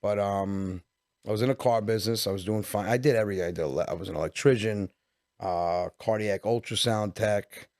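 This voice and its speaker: Comedian guest in his 40s, New York Italian-American accent, low-pitched and quick, dry close mic. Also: no room sound. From Westchester, New York. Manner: animated storyteller, quick bursts, acts out dialogue. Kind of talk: casual podcast storytelling.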